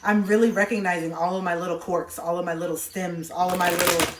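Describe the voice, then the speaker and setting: A woman hosting a casual livestream chat, playful and animated, now and then breaking into silly sound bits. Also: on the low side, fast, background noise. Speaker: livestream host talking to chat. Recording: echoey room.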